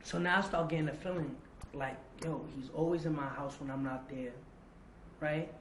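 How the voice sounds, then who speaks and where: Animated man telling a confessional story, echoey room. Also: on the high side, moderate pace. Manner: animated, acts out quoted dialogue, repeats words. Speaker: interview guest. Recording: echoey room with faint noise.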